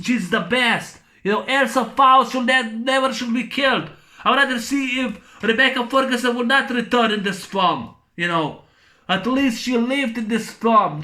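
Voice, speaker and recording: A man's voice: sits high, sharp tone. A man giving a casual spoken film review, rambling and repetitive, ranting with blunt swearing.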